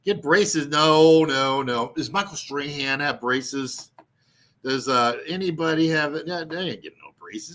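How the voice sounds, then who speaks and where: Man, livestream host, rambling profane ranter, high voice. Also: measured pace, fairly bright tone. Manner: profane, rambling, laughs at own jokes. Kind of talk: casual ranting livestream monologue.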